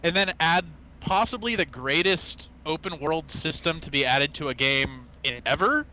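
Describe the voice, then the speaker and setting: A man's voice: fairly high pitch, lively intonation, normal speed, bright, forceful tone, slight background noise, rough recording. A young man co-hosting a casual gaming podcast, talking enthusiastically and rambling with lots of "like.". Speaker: podcast co-host. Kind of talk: casual chat.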